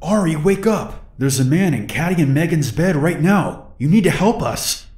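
A man voicing a frightened young woman student, raising his pitch into a panicked, pleading voice in a spoken horror story. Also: big pitch swings, a little slow, a little mellow.

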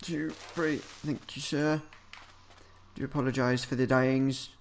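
This let's-player talks slowly in a level, mid-range voice, with slight background noise. He casually narrates his game, swearing plenty, muttering, and hollering at enemies.

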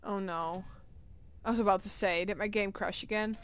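A woman's voice: mid-range voice, steady tone, normal speed, a little hiss or hum. A young adult woman streaming a game live, rambling and flustered, swearing as she talks. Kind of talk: live gameplay commentary. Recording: game music loud under voice. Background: loud game music.

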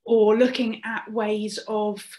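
A woman's voice: mid-range voice, level tone, slow pace, warm tone, poor audio. A woman reporting back for her group in a webinar, speaking casually on a video call with many fillers and restarts.

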